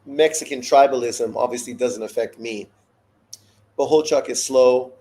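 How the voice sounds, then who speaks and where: A man hosts a live boxing watch-along in a voice of ordinary middle pitch. He talks bluntly and swears often, mixing fight analysis with opinionated rants. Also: moderate pace, mellow. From Canada. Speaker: boxing show host.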